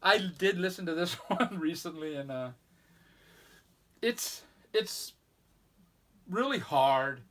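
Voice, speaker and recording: A man's voice: sits high, slow, long pauses, fairly bright tone. A man casually showing records from his collection, rambling and enthusiastic as he lists off bands. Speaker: record collector vlog host. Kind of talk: casual record show-and-tell.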